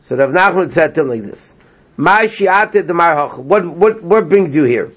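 A man teaching a small class, retelling a story with lively energy and translating as he goes. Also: a little high, moderate pace, husky. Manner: animated storyteller, translating line by line, laughs often. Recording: lo-fi dull sound.

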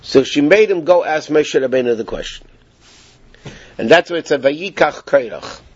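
A man teaching a Torah class, telling the story in a lively, animated way, with frequent restarts. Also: fairly high pitch, normal speed, breathy edge, lo-fi sound.

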